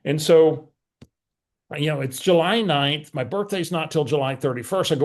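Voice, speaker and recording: A middle-aged man, a real estate team leader telling an animated story to a team meeting and acting out both sides of a phone call. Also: a little high, moderate pace. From San Antonio, Texas. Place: meeting room with remote attendees.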